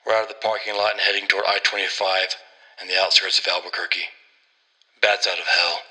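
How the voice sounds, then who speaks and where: A man's voice: low voice, monotone, a little fast, bright, forceful tone, rough recording. A man narrating a horror story in a grim, terse first-person voice.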